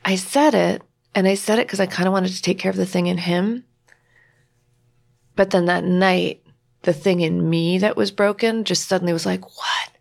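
A woman's voice: lowish voice, steady tone, normal speed, creaky, a little mellow. A woman sharing a personal family story as a podcast guest, emotional, acting out the voices of the people she quotes. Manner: emotional, acts out quoted dialogue.

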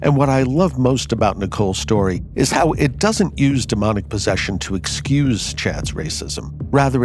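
A man hosting a fiction podcast, giving thoughtful scripted commentary between stories. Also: on the low side. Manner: thoughtful, reflective. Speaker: anthology podcast host. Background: music.

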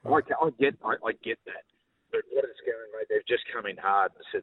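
A man's voice: on the low side, brisk, slight background noise. Chuckling Australian man telling a yarn. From Newcastle, Australia. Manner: colloquial and chuckling, stumbles and repeats words. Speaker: guest, former rugby league player. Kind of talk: casual radio interview storytelling. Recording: dull, muffled broadcast audio.

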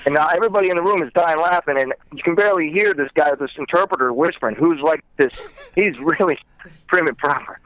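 A man calling in to a podcast on the phone, telling a story in a lively storyteller's way. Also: fairly high pitch, fast, no echo, low-quality recording. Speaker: caller. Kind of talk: telling an anecdote.

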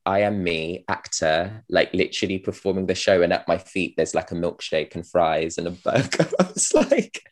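A man's voice: deep voice, fairly even intonation, normal speed, few pauses. A man, an actor, chatting casually as a podcast guest, rambling with many fillers and restarts and laughing at his own stories. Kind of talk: casual interview chat.

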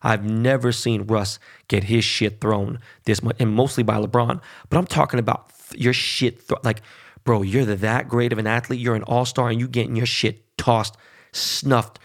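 A man's voice: mid-range voice, steady tone, moderate pace. A man in a casual, heated sports rant, swearing freely and rambling between points.

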